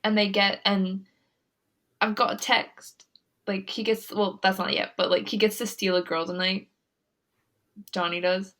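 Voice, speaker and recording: A woman's voice: medium pitch, little pitch movement, a little slow, pauses often, fairly bright tone. A young woman co-hosting a podcast, chatting casually and giggling, full of "like" fillers. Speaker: podcast co-host. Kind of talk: casual chat recapping a reality show.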